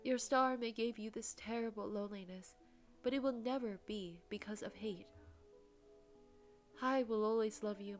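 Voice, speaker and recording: A woman's voice: a little high, natural voice. A woman voicing a tender, sorrowful queen mother. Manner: solemn, tender speech-giving. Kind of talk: visual novel reading.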